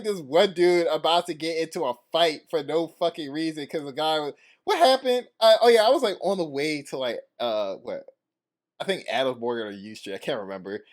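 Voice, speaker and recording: A man's voice: a little high, very animated, fairly quick. A man co-hosting a casual podcast, telling rambling, profane stories and laughing often. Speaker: podcast co-host. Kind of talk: casual chat.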